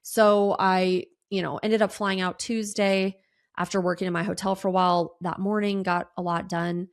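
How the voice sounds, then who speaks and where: A woman, hosting a solo podcast and talking candidly in a rambling way, full of fillers, restarts and lively quoted asides. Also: normal speed. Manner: animated quoted asides in a higher voice. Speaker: podcast host.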